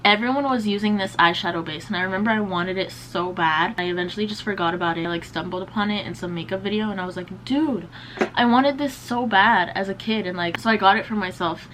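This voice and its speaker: A woman's voice: lowish voice, steady tone, quick pace, hardly any pauses, background noise. A young woman in her twenties, chatting casually and slangily as a beauty vlogger while doing her makeup. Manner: chatty, slangy, lots of "like" and "bro".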